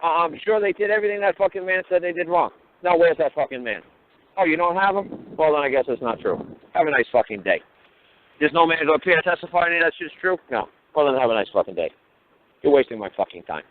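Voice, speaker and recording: A man's voice: on the high side, expressive. Blunt profane man on a phone line. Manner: blunt, profane, rapid rhetorical questions. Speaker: talk show guest lecturer. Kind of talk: profane call-in talk.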